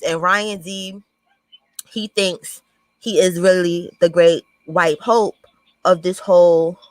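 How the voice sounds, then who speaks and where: A woman's voice: fairly low pitch, no room sound, poor audio. A woman hosting a casual livestream, greeting viewers by name and commenting bluntly with plenty of profanity. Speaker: livestream host.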